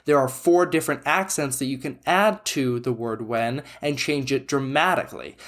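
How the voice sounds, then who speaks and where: A man's voice: medium pitch, moderate pace, fairly bright tone. A man co-hosting a podcast, talking things through in a thoughtful, reflective way. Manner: thoughtful, reflective, frequent "you know" and restarts. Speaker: podcast co-host. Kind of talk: casual conversation.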